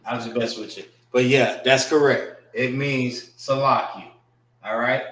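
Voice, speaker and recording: A man teaching a class in a casual way. He repeats and spells out words slowly and uses slang. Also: medium pitch, steady tone, fairly bright tone, roomy sound, poor audio. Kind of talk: classroom language lesson.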